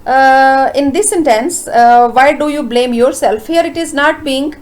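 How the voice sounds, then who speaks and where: Woman teacher, slightly high voice, patient grammar explainer with lots of "uh"s. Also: a little mellow, poor audio. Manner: explains slowly with frequent uh fillers, asks rhetorical questions. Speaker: English teacher. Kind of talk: grammar lesson lecture.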